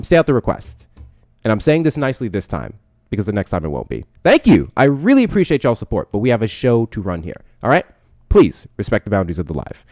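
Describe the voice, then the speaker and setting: A man's voice: fairly low pitch, dry recording, clean studio sound. A man hosting a live-stream debate show, talking loosely with lots of swearing and laughing. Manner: loud, swearing, laughs a lot. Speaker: livestream debate host. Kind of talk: casual live-stream talk.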